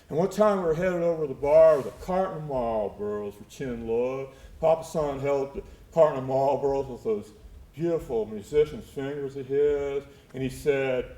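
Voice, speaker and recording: A man's voice: medium pitch, moderate pace, dark tone, slight background noise. A man performing a theatrical one-man monologue on stage, telling his story in a reflective, tender and wry way. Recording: echoey live theater recording.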